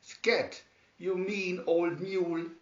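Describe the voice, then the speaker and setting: A furious, scolding woman neighbor from a storybook, acted by a man reading aloud, her voice pushed up high and sharp with indignation. The reading is slow, with a roomy, slightly dull sound. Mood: indignant.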